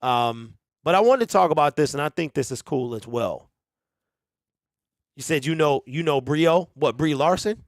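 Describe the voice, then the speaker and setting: A man's voice: fairly high pitch, lively intonation, normal speed, no echo, studio quality. A man hosting a sports talk show, giving rambling, conversational commentary with emphatic opinions.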